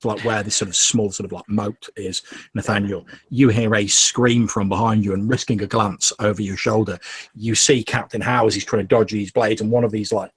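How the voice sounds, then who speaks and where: A man's voice: on the low side, steady tone, moderate pace, slightly rough, no room sound. A young man narrating a tabletop game as game master, casual and full of fillers.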